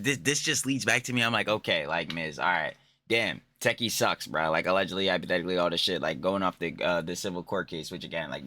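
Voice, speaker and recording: Deep-voiced man, profane reaction host. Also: bright, forceful tone, no echo. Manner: profane, rambling, talks back at the clips. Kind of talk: casual reaction commentary.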